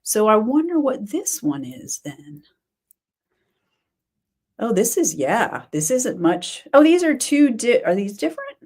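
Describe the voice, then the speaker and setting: A middle-aged woman hosting a knitting podcast, chatting casually and thinking aloud with quick exclamations. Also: on the high side, sing-song, a little mellow. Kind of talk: casual livestream chat.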